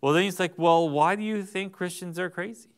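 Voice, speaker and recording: A man's voice: sits high, a little fast, clean tone. A man in his thirties preaching a sermon in a church, telling family stories in a conversational way with frequent restarts. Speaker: pastor.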